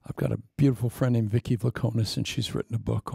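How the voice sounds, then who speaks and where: A middle-aged man preaching a sermon, telling stories in an animated way. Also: mid-range voice, fast, creaky, few pauses, breathy edge, dry recording, studio quality.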